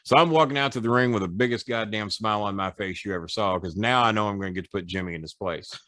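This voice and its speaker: Talking fast in a lowish register, this middle-aged man spins casual stories as a podcast guest. He once managed wrestlers, and his animated tales are boastful and profane. The audio is studio quality, free of room sound.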